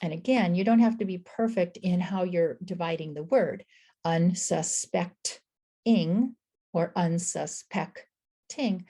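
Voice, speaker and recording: A woman teaching early reading, encouraging, slowly sounding out words sound by sound. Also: on the low side, warm tone. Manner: encouraging, affirms with "I agree" and "excellent". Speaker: reading tutor. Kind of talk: instructional explanation.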